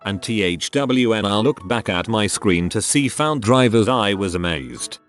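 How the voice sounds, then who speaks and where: A man narrating a string of forum posts aloud in a storytelling read. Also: on the low side.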